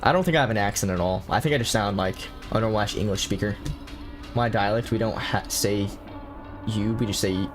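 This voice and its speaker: With a lowish voice and a fairly quick delivery, a young American man talks over soft background music while streaming a horror game. He reads the game's text aloud, chats loosely with viewers, and drawls, swears, and jokes with chat.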